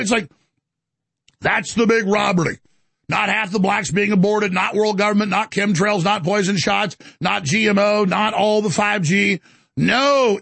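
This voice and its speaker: Talk show host man, ranting and mocking, high gravelly voice, husky edge. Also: a bit bright, no echo. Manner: mocking, sarcastic, stammering restarts. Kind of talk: ranting talk radio monologue.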